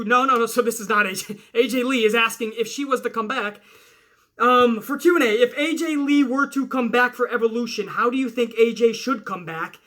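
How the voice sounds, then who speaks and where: High, bright-voiced profane wrestling host. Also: male voice. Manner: profane, animated, hyped rambling. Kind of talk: casual Q&A livestream chat.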